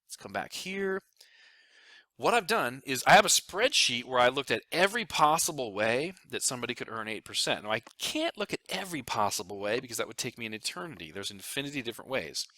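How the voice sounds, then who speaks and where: A man's voice: mid-range voice, brisk, dry recording. A man presenting a casual finance explainer, joking and talking to himself as he draws on screen. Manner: joking, animated, talks to himself while drawing. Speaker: financial advisor presenting a video.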